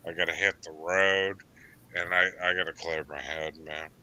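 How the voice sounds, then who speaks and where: A man's voice: deep voice, fairly even intonation, normal speed, sharp tone, smooth. A man from New England hosting a casual livestream chat, rambling with lots of fillers and swearing freely. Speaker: livestream host.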